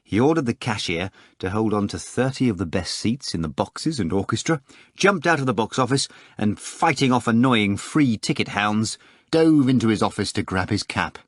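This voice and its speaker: A man narrating an audiobook in an expressive, storytelling way on a close studio mic. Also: lowish voice, moderate pace, no room sound.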